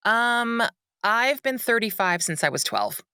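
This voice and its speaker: Bright, lively woman podcaster. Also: on the high side, unhurried, clear, resonant tone, no echo, studio quality. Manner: playful, teasing, laughs often. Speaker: podcast co-host. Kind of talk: casual chat.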